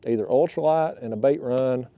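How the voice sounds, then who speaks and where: Man, mellow voice, folksy kayak-fishing chatter, talks to the fish, outdoors on the water. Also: medium pitch, moderate pace, dry recording, lo-fi sound. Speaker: kayak fishing channel host. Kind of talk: casual on-the-water vlog talk. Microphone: camera mounted on the kayak.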